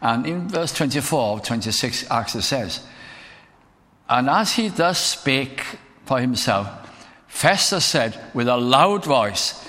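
A man preaches earnestly and builds at times into emphatic declamation. His voice sits at a middling pitch. The sound carries the long reverb of a church hall. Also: sing-song, a little slow, pushed and bright. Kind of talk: sermon.

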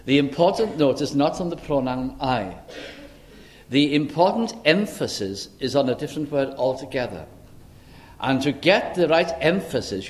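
A man preaching an expository sermon in a measured, earnest way, often pausing with "uh" as he works through a passage. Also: mid-range voice.

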